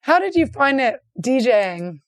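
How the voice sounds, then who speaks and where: A woman's voice: sits high, big pitch swings, moderate pace, no room sound, studio quality. Woman host prompting her guest. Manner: friendly, encouraging, prompting the guest. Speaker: podcast host. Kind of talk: casual interview chat.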